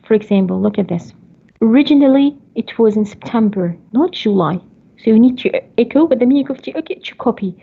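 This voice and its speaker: Brief: higher-pitched husky woman lecturing an online class, patient step-by-step explanations, dull call audio. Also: animated, brisk. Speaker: English teacher. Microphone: computer mic on a video call.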